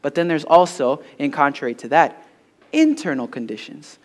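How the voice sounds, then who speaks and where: A man preaching a sermon at a church service, telling stories in an animated way with frequent fillers. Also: on the high side, normal speed. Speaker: pastor.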